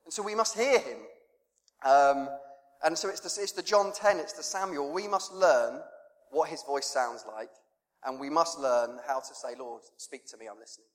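A man's voice: fairly high pitch, normal speed. A man preaching an informal sermon, conversational and self-deprecating, with lots of rhetorical questions. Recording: long hall reverb.

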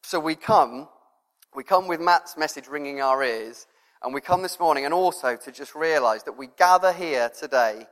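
Guy giving a relaxed rambly sermon, mid pitch voice, lots of hall reverb. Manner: chatty, rambling with fillers. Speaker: preacher. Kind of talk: informal sermon.

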